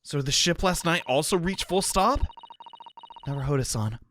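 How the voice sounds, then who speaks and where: A man voicing a polite, proper young female assistant in a game, speaking softly and formally. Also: a little high, expressive, normal speed, slight background noise. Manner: soft, polite, formal speech.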